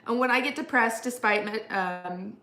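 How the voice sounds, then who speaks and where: Chatty woman vlogger, slightly high. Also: normal speed, bright, forceful tone, echoey room, a little hiss or hum. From Washington state. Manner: chatty, encouraging, laughs often. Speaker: vlog host. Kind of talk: casual chat.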